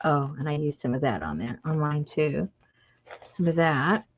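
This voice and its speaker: A woman hosting a live craft stream, chatting with viewers in an excitable, talkative way. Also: sits low, normal speed, a little hiss or hum. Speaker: craft channel host. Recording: dull lo-fi live-stream audio.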